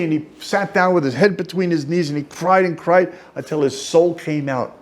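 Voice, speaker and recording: A man teaching an informal class as a rabbi, an animated storyteller who jokes and goes off on asides. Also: on the high side, moderate pace, hardly any pauses. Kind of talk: informal lecture. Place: study hall.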